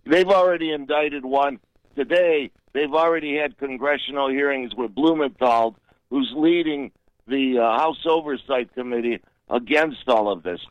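A man's voice: mid-range voice, normal speed, no room sound, lo-fi sound. A man calling in to a radio talk show, earnest and indignant, pressing his point insistently. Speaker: caller.

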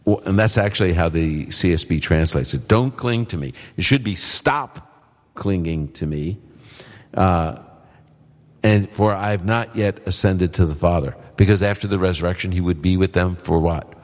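Man, very low voice, relaxed Bible teacher, long hall echo. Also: moderate pace. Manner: conversational, explanatory, relaxed. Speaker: radio Bible teacher answering questions. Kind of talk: call-in Bible Q&A. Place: live event hall with audience.

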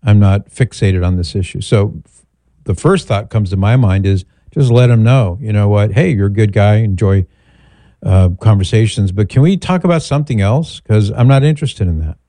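Male call-in host, middle-aged, low warm voice, rambling but measured. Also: no room sound. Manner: measured, thoughtful, rambling asides. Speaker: radio show host. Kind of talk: call-in advice talk.

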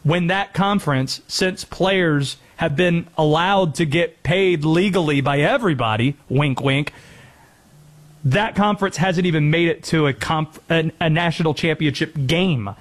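Man, sports talk host, high voice, sarcastic, mocks rival fans. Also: unhurried. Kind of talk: casual college football debate.

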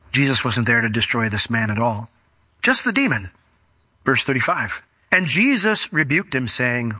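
A middle-aged man preaching a sermon, animated and acting out the voices he quotes. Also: a little high, normal speed, dry recording. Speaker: pastor.

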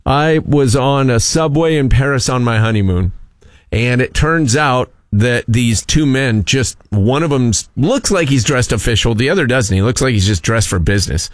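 A man's voice: mid-range voice, normal speed, no echo. An American man hosting a morning radio show, telling stories in a casual, self-mocking way on a studio mic. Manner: animated, self-mocking, laughs through his stories. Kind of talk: casual on-air storytelling.

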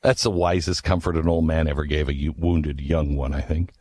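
A man telling a history story with passion, asking rhetorical questions and dropping low for asides before pushing his voice up for key points. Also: fairly even intonation, a little fast, dry recording. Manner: emphatic, rhetorical questions, swings between low hushed asides and raised urgent lines. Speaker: speaker on history. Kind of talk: impassioned storytelling talk.

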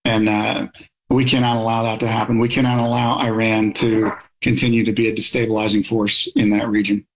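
A man's voice: on the low side, level tone, fairly quick, poor audio. A middle-aged man speaking as an interview guest, a military officer giving blunt, opinionated views and telling stories in a conversational way.

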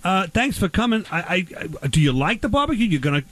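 Fast, brash high-voiced male host. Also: very animated, fairly bright tone, no room sound. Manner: brash, rambling, teasing. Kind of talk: comedy bit, mock barbecue show.

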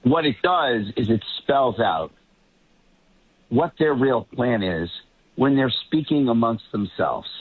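A man's voice: medium pitch, animated, slow pace, breathy edge, no room sound. A man from Boston, a political commentator giving rambling talk radio commentary. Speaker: panel guest, political commentator. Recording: tinny phone line.

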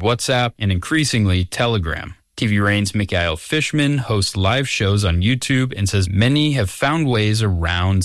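A man narrating a scripted radio news report in a measured, even tone. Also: fairly low pitch, no echo, clean studio sound.

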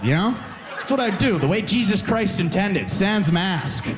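A man's voice: sits high, expressive, a little slow. A young man from Alberta doing a stand-up comedy set on a club stage, talking loosely with many quoted voices and constant "you know". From Alberta, Canada. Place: comedy club stage before a live crowd.

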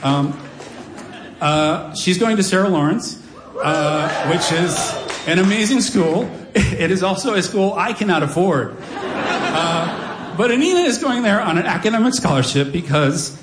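A man's voice: sits high, unhurried, background noise. A man in his forties telling a wry, self-deprecating story on stage to a live audience. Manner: wry, self-deprecating, animated delivery with playful voices.

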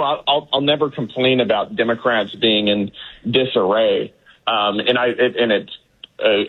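A man's voice: medium pitch, breathy edge. A man from Texas, a political guest giving emphatic commentary with many fillers and restarts. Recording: tinny phone-line audio.

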